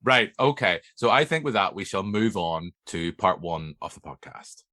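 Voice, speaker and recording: A man's voice: sits low, animated, normal speed, bright, forceful tone. A man with a Northern Irish accent hosting a movie podcast, chatting casually in a jokey, rambling way with many fillers. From Northern Ireland. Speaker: podcast host. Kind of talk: casual chat.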